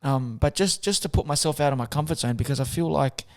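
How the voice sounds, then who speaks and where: A soft-spoken young man, telling his story in a casual interview. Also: fairly high pitch, fast talker. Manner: soft-spoken, chatty, acts out quotes with slang. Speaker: guest, boxer.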